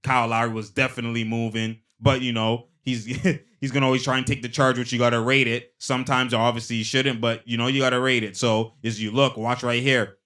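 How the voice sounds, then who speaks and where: A man talks through basketball replays in a loose, slang-heavy way, laughing often as he points out plays. His voice sits in an ordinary middle pitch. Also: a little fast, hardly any pauses. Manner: excitable, slangy, laughs often between remarks. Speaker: host. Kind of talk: casual basketball replay breakdown.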